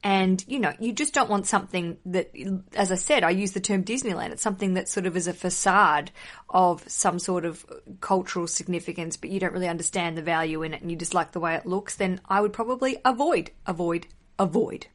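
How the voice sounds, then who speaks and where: A woman's voice: lowish voice, brisk. An Australian woman hosting a podcast, chatting casually in a playful, self-deprecating way. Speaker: podcast host. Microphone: podcast microphone.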